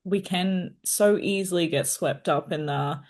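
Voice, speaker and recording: A woman's voice: lowish voice, unhurried, a little mellow. A woman hosting an author interview, upbeat and encouraging in casual chat. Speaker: podcast host.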